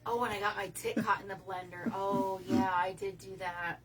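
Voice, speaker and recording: A woman's voice: mid-range voice, fairly even intonation, normal speed, distant mic, poor audio. A woman casually telling a long story on a livestream, rambling and restarting her sentences, swearing now and then.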